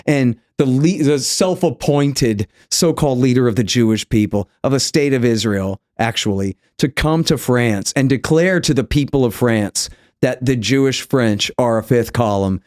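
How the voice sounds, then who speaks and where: A man from the United States, a podcast guest, talking in an animated way and acting out the people he quotes. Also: medium pitch, moderate pace, no echo, clean studio sound. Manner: animated storyteller, acts out quoted voices. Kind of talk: conversational interview.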